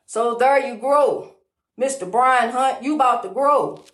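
A woman's voice: fairly high pitch, a little slow, a bit bright, echoey room. A woman giving a preachy, sing-song motivational monologue, calling the listener honey and repeating rhyming phrases.

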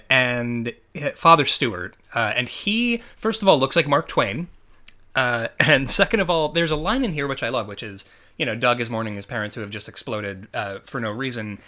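A man's voice: medium pitch, pushed and bright. A man co-hosting a podcast, talking casually about movies in a rambling way, with lots of fillers and restarts. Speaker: podcast co-host.

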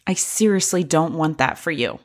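A woman's voice: low-pitched, expressive, normal speed. A woman in her thirties hosting a motivational podcast, talking straight to the listener in an upbeat, encouraging way. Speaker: podcast host.

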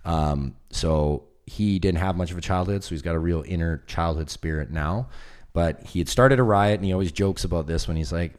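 Man, very deep voice, casual chat, animated storyteller, acts out quotes. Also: normal speed. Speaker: film producer guest.

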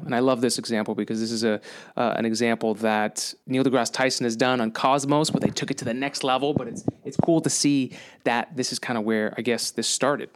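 A man's voice: mid-range voice, steady tone, brisk, background noise. A man hosting his own science podcast, talking in an upbeat, conversational way and correcting himself now and then. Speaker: podcast host and science communicator.

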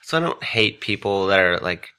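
A man's voice: sits low, animated, normal speed, pushed and bright, clear, resonant tone. A man, chatting casually as a podcast guest, rambling, joking at his own expense and laughing often. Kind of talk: casual interview chat.

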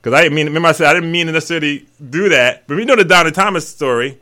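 A male radio host teaching the Bible in an excitable, casual preaching style, breaking into hallelujahs and everyday slang. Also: on the high side, racing. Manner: excitable, exclaims hallelujah, talks back to the text; casual and colloquial, drops into vernacular.

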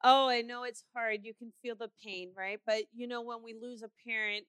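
Middle-aged lady psychic host on a call-in show, bright crisp voice, reassuring and sweet, dry sound. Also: on the high side, fairly even intonation, normal speed, no room sound. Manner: warm, reassuring, calls callers honey. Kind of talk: call-in radio show reading.

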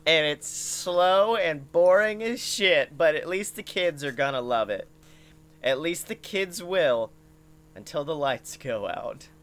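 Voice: medium pitch, slow. Comedian, casual rambling storyteller, profane. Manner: rambling, animated, peppered with "like" and swearing. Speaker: podcast comedian. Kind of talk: comic storytelling.

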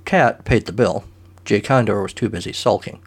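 A man's voice: on the low side, moderate pace, slightly rough. A man narrating a comic short story in a dry, matter-of-fact way.

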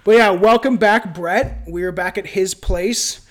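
A little slow in pace, a Canadian man with a high, light voice hosts a casual podcast, combining loose talk with reading from a script. He's relaxed and profane, laughing frequently as he trips through his notes. The audio comes from a different home mic setup at a friend's place.

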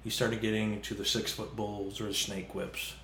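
A man's voice: on the low side, flat delivery, normal speed, gravelly, sharp tone, reverberant, a little hiss or hum. A man who teaches whip classes, explaining at length with many fillers as a guest on a podcast. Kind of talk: casual podcast interview.

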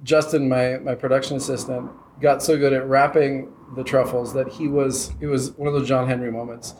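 A man's voice: mid-range voice, flat delivery, normal speed, a little mellow, slight background noise, low-quality recording. A man who makes chocolate, talking casually on a podcast and explaining the tasting steps plainly. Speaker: chocolate maker guest.

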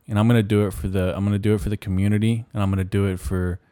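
A young man hosting a solo podcast, giving a halting, mock-mournful rant full of restarts. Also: fairly low pitch, steady tone, dark tone, dry recording, studio quality. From Mexican-American. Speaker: podcast host. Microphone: podcast mic.

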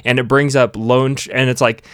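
A man's voice: mid-range voice, level tone, normal speed, no echo, studio quality. A man in casual podcast chat, telling stories, swearing when frustrated and laughing at himself.

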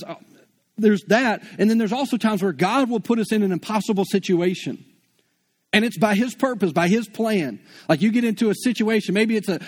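A man with a rather high voice preaches to his congregation. He talks in a loose, conversational way, asks questions and answers them himself, and often repeats words as he goes. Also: darkish tone. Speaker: pastor. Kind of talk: sermon.

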